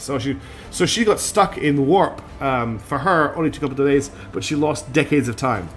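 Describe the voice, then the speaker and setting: A man streaming a video game, chatting casually, thinking out loud and laughing at himself. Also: medium pitch, lively intonation, fairly quick, faint music behind. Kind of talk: casual let's-play commentary.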